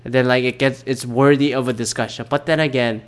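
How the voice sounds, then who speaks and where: A young man ranting casually about online news, swearing often, swinging between loud bursts and mumbled asides. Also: medium pitch, steady tone, brisk, smooth. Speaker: vlogger reacting to news.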